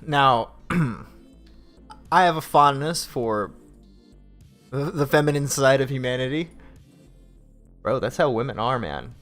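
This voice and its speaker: A man's voice: medium pitch, a little slow, long pauses, fairly bright tone, soft background music. A man hosting a late-night livestream, commenting on clips with sarcastic, profane mockery. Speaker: stream host.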